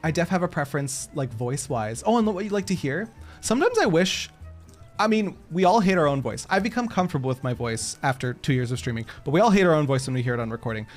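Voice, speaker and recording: A man streaming a game, chatting casually with his chat, animated, laughing often and swearing freely. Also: on the high side, fast, soft background music.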